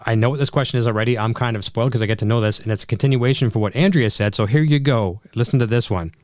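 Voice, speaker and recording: A man's voice: mid-range voice, very fast, darkish tone, dry recording, studio quality. A man hosting an interview, chatty and agreeable, reading out viewer questions. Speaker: show host. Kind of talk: casual interview chat.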